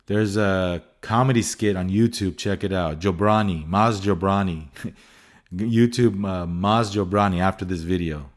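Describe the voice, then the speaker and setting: A man's voice: low voice, moderate pace. A man hosting a photography vlog, telling stories casually and animatedly with exasperation and restarts. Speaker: photography channel host.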